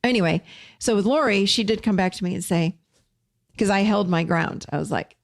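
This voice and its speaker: A woman's voice: mid-range voice, fairly quick, vocal fry, no echo, studio quality. A woman hosting a casual talk to listeners, speaking emphatically and repeating key phrases for weight. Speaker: podcast host and teacher.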